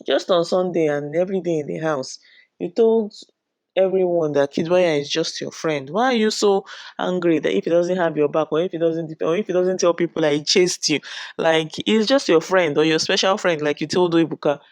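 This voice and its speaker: A woman's voice: on the low side, moderate pace, a little mellow, no echo. A woman, retelling reality show drama in a chatty, dramatic gossip style. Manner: chatty, dramatic retelling with frequent "you know". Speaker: reality show recap vlogger. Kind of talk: casual gossip recap.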